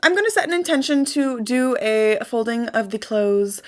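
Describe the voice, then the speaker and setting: A woman's voice: on the high side, lively intonation, normal speed. A young woman hosting a casual self-help vlog, chatty and upbeat with lots of fillers, speaking into a desk mic. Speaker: host.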